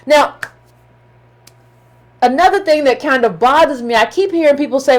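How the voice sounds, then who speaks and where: A woman's voice: sits high, animated, moderate pace. A woman giving impassioned political commentary, emphatic and scolding, with colloquial phrasing and repetition.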